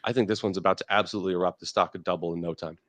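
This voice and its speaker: A man hosting a live stock market show, talking in brash, profane, excitable trader banter. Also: low-pitched, racing, no room sound. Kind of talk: casual market chat.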